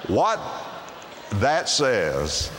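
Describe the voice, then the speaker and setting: A man's voice: lowish voice, background noise. A man preaching a sermon as pastor, asking the congregation rhetorical questions. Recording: long reverb of a large hall.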